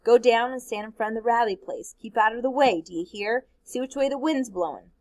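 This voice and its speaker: A woman reading aloud, voicing a gentle middle-aged father who speaks softly, steadily and firmly. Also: on the high side, brisk, no echo, natural voice. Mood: calm. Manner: soft, steady and firm.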